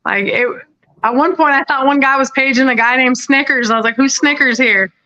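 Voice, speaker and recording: A woman from Colorado, a guest fighter chatting casually over a call-in line, upbeat and quick to laugh. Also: high voice, fairly even intonation, sharp tone. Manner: upbeat, laughs easily, filler ums. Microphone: remote call-in. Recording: dull lo-fi call-in audio.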